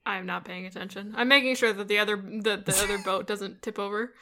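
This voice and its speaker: A woman's voice: medium pitch, fairly even intonation, a little fast, pushed and bright. A woman playing in a tabletop game, brash and bossy in character. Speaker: player. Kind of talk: tabletop role-play chat.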